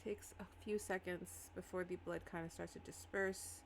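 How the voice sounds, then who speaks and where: A woman's voice: fairly low pitch, steady tone, normal speed, a little hiss or hum. A woman narrating a tabletop game as game master in a casual, hesitant way.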